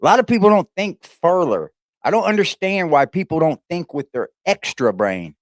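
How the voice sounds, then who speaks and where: A man's voice: high voice, no room sound, studio quality. Rambling, emphatic livestream host man. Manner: rambling, repetitive, emphatic with swearing. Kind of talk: casual livestream commentary.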